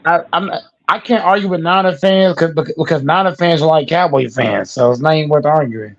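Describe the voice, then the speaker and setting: A man's voice: on the high side, fairly quick, vocal fry, highs cut off. Stammering man on a noisy call. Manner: stammering, laid-back. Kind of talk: heated sports debate.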